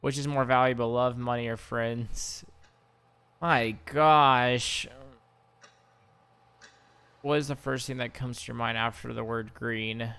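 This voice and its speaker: A man's voice: mid-range voice, flat delivery, moderate pace, vocal fry, hardly any pauses, fairly bright tone, clear, resonant tone. A young man playing a video game, reading the on-screen questions aloud and reacting with exclamations. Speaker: gaming YouTuber. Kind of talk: let's play commentary.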